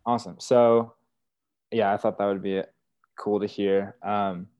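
A man's voice: on the low side, little pitch movement, unhurried, a little mellow, clean tone, dry recording, muffled recording. A young man telling stories from his work as a wilderness therapy guide in casual, earnest podcast talk, full of "like" and "you know". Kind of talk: casual conversational storytelling.

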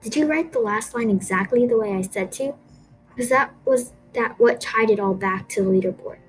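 A woman's voice: on the high side, normal speed, faint music behind, natural voice, rough recording. A woman voicing a defensive, hurt schoolboy rival with a pleading manner, in a storybook reading.

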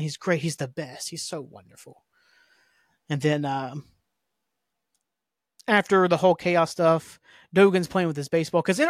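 This podcast host is a man whose voice sits on the high side, captured in studio quality with no echo. Rambling and leaning heavily on fillers, he gives a casual recap of a TV episode.

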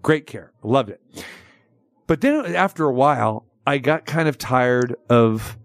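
A man's voice: mid-range voice, unhurried, no echo, studio quality. A middle-aged man telling a long story in casual chat, often restarting his sentences and acting out the voices of the people in it. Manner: animated, restarts often, acts out dialogue in a raised voice.

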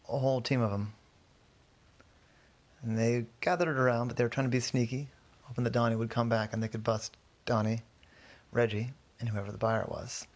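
A man telling a detective story in a relaxed, rambling way, sometimes correcting himself as he goes. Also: medium pitch. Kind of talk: casual storytelling.

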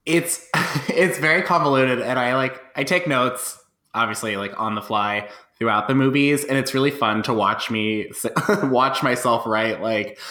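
A man's voice: mid-range voice, normal speed, sharp tone, reverberant. A man as a podcast guest, chatting casually about a movie and laughing often.

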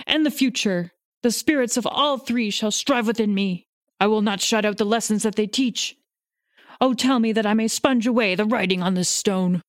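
A woman's voice: mid-range voice, dry recording, studio quality, close to an everyday voice. A woman reading aloud, voicing an old miser man who pleads with a ghost in a rising, desperate voice. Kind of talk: audiobook reading.

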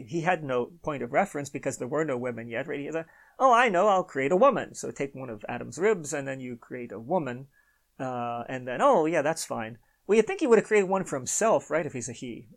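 A man's voice: fairly high pitch, creaky. A man hosting a solo podcast, talking in a rambling, opinionated way, with chuckles and apologetic asides. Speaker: podcast host. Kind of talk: unscripted solo podcast monologue.

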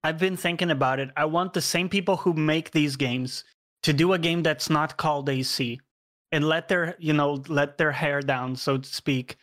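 A man's voice: fairly high pitch, steady tone, moderate pace, fairly bright tone. A man chatting casually about video games, thoughtful and a little hesitant.

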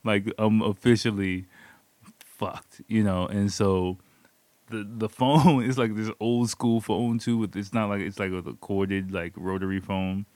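A man's voice: on the low side, flat delivery, measured pace, a little mellow, no echo. A man casually telling a personal story, loose and profane, often laughing as he talks. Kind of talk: casual spoken anecdote.

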